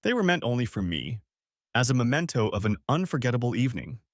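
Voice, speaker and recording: A man's voice: medium pitch, sing-song, quick pace, dry recording, studio quality, close to an everyday voice. A man voicing an adult wife who stammers defensively and pleads through tears. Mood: tearful. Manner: stammering, defensive then sobbing.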